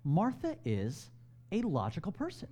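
Lively-voiced preacher man talking to a congregation. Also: on the high side, unhurried. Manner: conversational preaching, asks the room questions. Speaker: pastor. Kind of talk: sermon.

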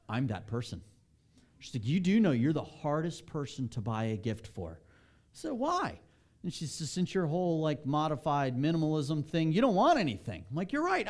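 A man in his thirties preaching a sermon in a church, telling a personal story with lively acted-out quotes before turning to scripture. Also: a little high. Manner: animated storytelling, acts out quotes. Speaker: pastor. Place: church sanctuary.

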